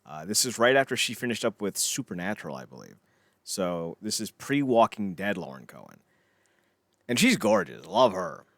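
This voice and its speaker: A man's voice: on the low side, huge pitch swings, moderate pace, vocal fry, a bit bright, no room sound, clean studio sound. A man co-hosting a casual podcast, rambling and swearing, often trailing off into mumbles. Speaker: podcast co-host.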